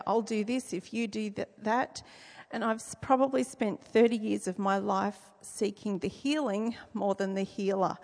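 A woman's voice: mid-range voice, vocal fry, a little mellow, long reverb tail. A middle-aged woman giving a personal faith testimony, speaking earnestly and reflectively with frequent hesitations.

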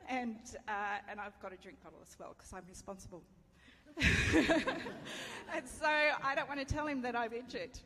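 A woman's voice: on the high side, fairly quick, hardly any pauses, a crowd in the background. A middle-aged woman giving a sermon, telling a personal story in a candid, self-deprecating way and laughing often. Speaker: preacher. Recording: reverberant hall, faint ambience.

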